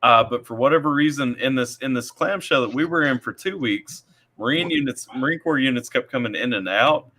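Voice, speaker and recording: A man's voice: medium pitch, brisk, bright, forceful tone, poor audio. A man, an army veteran, telling a long casual story, often repeating words as he goes.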